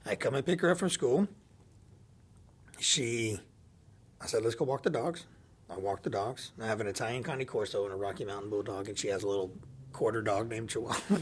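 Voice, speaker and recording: A man's voice: lowish voice, fairly quick, slight background noise. A man telling a personal story in casual chat, laughing often and acting out the dialogue of the people in it. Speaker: podcast guest.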